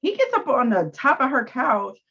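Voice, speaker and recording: Animated woman recapping, lo-fi. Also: sits high, moderate pace, creaky, husky. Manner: animated recapping with acted-out quotes. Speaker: co-host. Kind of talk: casual chat. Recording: dull lo-fi sound.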